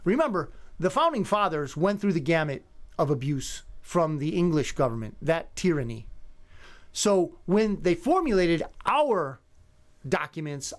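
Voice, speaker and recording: A man in his fifties hosting a talk radio show, talking in an emphatic, conversational way. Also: on the high side. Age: 50s. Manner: conversational, emphatic, greets callers by name. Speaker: radio host.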